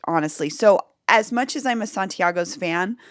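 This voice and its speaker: A woman's voice: medium pitch, normal speed, dry recording, studio quality. Chatty American woman podcast host. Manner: chatty storytelling with many "like"s. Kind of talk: casual chat.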